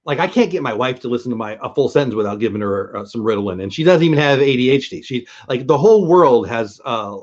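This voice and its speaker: Fast and lively with few pauses, this mid-range male voice belongs to a San Diego livestream host. He chats casually through the interview, rambling and running himself down, and the lo-fi recording sounds slightly dull.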